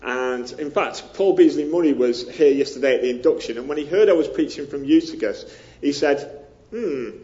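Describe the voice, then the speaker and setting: A pastor with a northern English accent from near Liverpool gives a sermon in a chatty, self-deprecating way, with many ums. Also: male voice, a little high, brisk, warm tone, muffled recording. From northern England.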